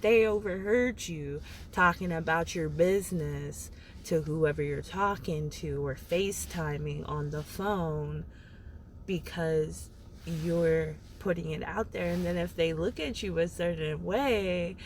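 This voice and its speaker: A motivational vlogger with a fairly low voice speaks slowly to camera, offering casual advice. She rambles, fills her speech with "like," and laughs between thoughts, with a slight hiss or hum in the background.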